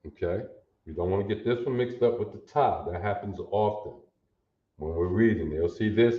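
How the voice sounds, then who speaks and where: Male teacher, slow and patient, lower voice, sounds out syllables; muffled, echoey room recording. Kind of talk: classroom lesson.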